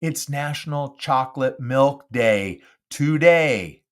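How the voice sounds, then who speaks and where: An older man from Southern California hosting a live podcast, chatty and animated, talking close into a studio mic. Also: medium pitch, slow. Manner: chatty and animated, self-deprecating. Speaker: podcast host. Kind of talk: casual live podcast chat. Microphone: close studio mic with windscreen.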